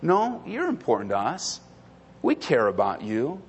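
A man's voice: mid-range voice, huge pitch swings, a little slow, slight background noise. A male pastor preaching a sermon in an emphatic, repetitive way, often restarting his phrases.

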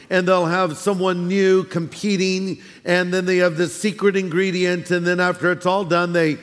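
A pastor preaching a sermon to his congregation in a folksy, storytelling way, with restarts and asides to the listeners. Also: high-pitched. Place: large church sanctuary. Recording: long hall reverb in a church.

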